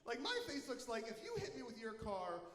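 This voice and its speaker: Animated young man doing stand-up. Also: very high-pitched, a little fast. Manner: animated, self-mocking, jumps into loud silly voices. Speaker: stand-up comedian. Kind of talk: stand-up comedy set. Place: comedy venue with live audience. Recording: echoey live hall with crowd.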